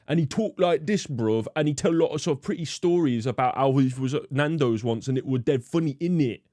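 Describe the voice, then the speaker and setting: A man's voice: fairly high pitch, fairly quick, warm tone, husky, no room sound, studio quality, pitched above the performer's own voice. A man putting on an exaggerated, mocking voice of a slangy young man. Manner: exaggerated singsong mockery.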